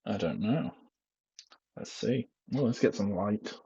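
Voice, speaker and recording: Rambling man, husky low voice. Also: expressive, unhurried, dark tone, dry recording. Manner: rambling, self-deprecating, lots of fillers and asides. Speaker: vlogger. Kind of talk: casual rambling vlog. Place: home, indoors. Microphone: headset microphone. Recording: dull lo-fi headset mic, clipping.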